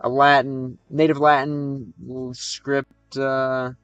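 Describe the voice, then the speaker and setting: An American man hosting a relaxed livestream, chatting with viewers and reading their questions out. His voice sits at an ordinary middle pitch on a close, dry mic. Soft music plays faintly in the background. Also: slow, smooth, no echo, dull audio. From United States. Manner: chatty and easygoing, reads viewer questions aloud. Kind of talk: casual livestream chat with viewers.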